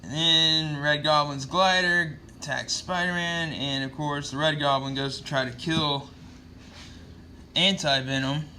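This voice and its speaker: A man's voice: on the high side, steady tone, a little slow, bright, forceful tone, a little hiss or hum. A man casually recapping a comic book, rambling with lots of fillers and swearing.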